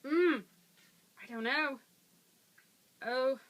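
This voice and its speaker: Bright-voiced chatty young woman. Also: sits high, very slow. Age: 20s. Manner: chatty, laughs often, many fillers. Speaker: actress interviewee. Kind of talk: casual interview talk.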